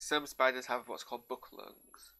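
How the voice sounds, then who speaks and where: A show reviewer with a northern English accent reacts casually to a TV episode, rambling, drifting onto tangents and losing his thread. His medium-pitched voice is flat in delivery and sharp in tone, at a normal speed.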